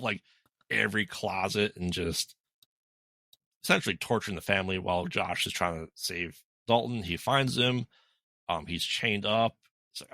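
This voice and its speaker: A man's voice: fairly low pitch, sharp tone, no echo. A man co-hosting a podcast who retells a film's plot in casual chat, rambling with frequent ums. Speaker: podcast co-host. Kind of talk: casual movie recap chat.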